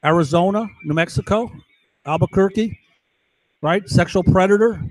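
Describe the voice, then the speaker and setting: Rambling man with a high voice, agitated and profane, dry close sound. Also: moderate pace, long pauses, dry recording, low-quality recording. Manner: keeps asking "right?". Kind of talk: rambling monologue to camera.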